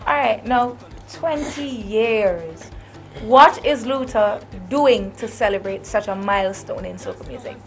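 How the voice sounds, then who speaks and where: A woman's voice: medium pitch, unhurried, soft background music. A woman hosting an interview, asking short prompting questions. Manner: brief prompting questions and backchannels. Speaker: interviewer host. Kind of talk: casual interview.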